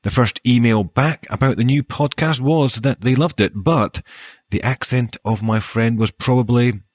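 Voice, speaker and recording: A man hosting a podcast who chats in a light, good-humoured way and rattles off quick lists of thanks. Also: medium pitch, no echo. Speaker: podcast host and newsreader. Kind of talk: casual podcast sign-off.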